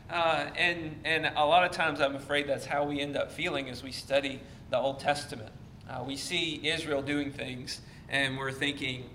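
A man's voice: fairly high pitch, steady tone, a little slow, bright, forceful tone. A man teaching an evening Bible study in a conversational way, with many fillers and restarts. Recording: echoey room with faint noise.

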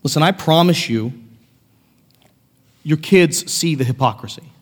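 Impassioned pastor preaching in a reverberant church. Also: male voice, on the high side, expressive, unhurried. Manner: earnest, swings from quiet to raised and impassioned. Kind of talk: sermon. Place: church sanctuary.

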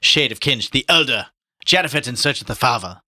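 A man reading aloud voices a boisterous, mocking young man in a loud, high, theatrical voice. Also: expressive, brisk, dry recording, studio quality. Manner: booming, exclamatory, high-pitched.

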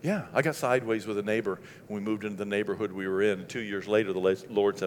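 A middle-aged man from Maine preaching in a conversational, animated storytelling style, acting out the dialogue as he goes. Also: fairly low pitch, fast talker, long reverb tail, a little hiss or hum. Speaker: pastor. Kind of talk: storytelling sermon.

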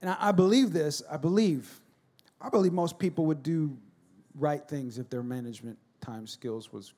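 Animated, high-voiced man preaching a sermon. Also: normal speed. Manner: animated, swings between loud acted shouting and quiet earnest talk. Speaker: pastor. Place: church.

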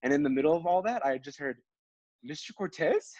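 A man's voice: a little high, animated, very fast, darkish tone, no echo, highs cut off. A man who is a teacher and co-hosts a podcast, telling a story in casual chat with many fillers and restarts.

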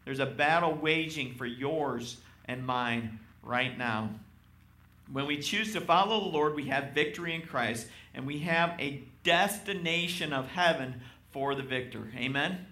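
A man's voice: on the high side, measured pace, pushed and bright. A man preaching a sermon as pastor, reading scripture aloud and calling out to his congregation in an emphatic manner. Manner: emphatic, addresses congregation directly.

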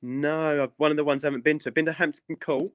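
A man's voice: fairly high pitch, fairly even intonation, fast talker, a bit bright, no room sound. A man, a gardener, chatting on a video call in an easygoing, plain-spoken way and often repeating himself. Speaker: guest gardener. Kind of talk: casual chat.

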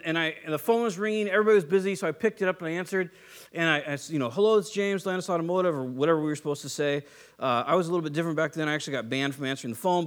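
A man with a fairly high voice preaches a sermon as if chatting with friends. He drifts into little stories, slips into the voices of the people he quotes and laughs at his own mishaps. He sounds like a pastor in his thirties. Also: a bit bright. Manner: conversational storytelling, acts out quoted voices, laughs at himself.

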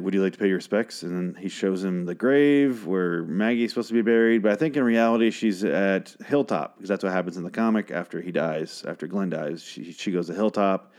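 Casting note: lowish male voice, loose and rambling, crude jokes, casual recap energy. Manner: rambling, crude, animated asides. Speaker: show recapper.

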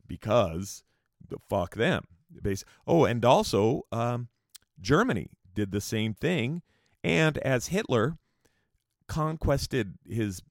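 A man's voice: lowish voice, gravelly, no room sound, clean studio sound. An American man telling a travel story in a loose, profane, rambling way, breaking off into rants. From United States. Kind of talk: casual storytelling.

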